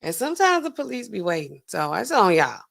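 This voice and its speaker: A woman pharmacist hosting a casual livestream, chatting to viewers and acting out customers in quick asides. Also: mid-range voice, very animated, gravelly, a bit bright.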